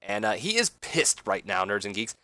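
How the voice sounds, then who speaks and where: A man's voice: fairly low pitch, big pitch swings, normal speed, sharp tone, no room sound. Rambling young man commenting on a game. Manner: rambling, with fillers and asides. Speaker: let's play commentator.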